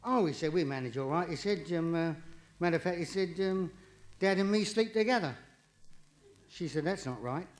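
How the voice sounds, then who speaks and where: A man doing live stand-up comedy, cheeky and quick, with jokes that rise into punchlines. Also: fairly high pitch, animated. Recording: vinyl live recording, audience laughter, distant.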